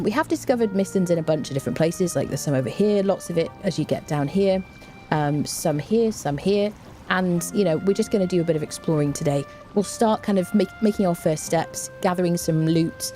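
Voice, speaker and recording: A woman streaming a game live, talking through her play in a relaxed, chatty way with plenty of fillers and answering chat. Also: deep voice. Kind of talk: live gameplay commentary, reading chat.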